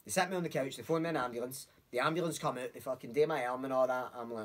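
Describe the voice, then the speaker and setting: A young man with a Glasgow accent, telling a story in a casual chat, animated, acting out voices and swearing freely. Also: mid-range voice, rapid-fire. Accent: Scottish, Glasgow. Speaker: podcast guest.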